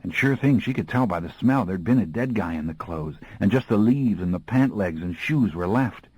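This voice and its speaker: A man's voice: lowish voice, animated, normal speed, darkish tone, husky, no echo, muffled recording. A man reading an audiobook in a folksy, slangy storytelling voice. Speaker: audiobook narrator. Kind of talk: scripted audiobook narration.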